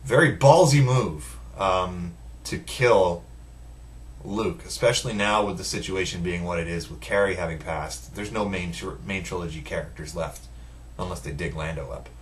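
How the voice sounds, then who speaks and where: Heard from a distance, a low-pitched man unhurriedly retells a film scene by scene, swearing casually. As a film reviewer doing a spoiler recap, he voices the characters' lines himself.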